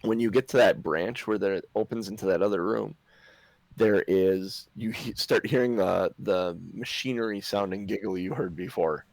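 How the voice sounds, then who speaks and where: A man's voice: fairly low pitch, normal speed, creaky, a little mellow, dry recording, poor audio. A man narrating as game master in a tabletop game, describing scenes and chuckling often.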